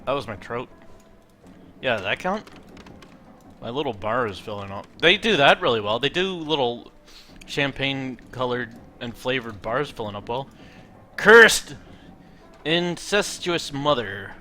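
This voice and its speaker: A man's voice: medium pitch, expressive, normal speed, long pauses, pushed and bright, slight background noise. A man streaming a game, joking and swearing casually as he reads on-screen text aloud. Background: game music.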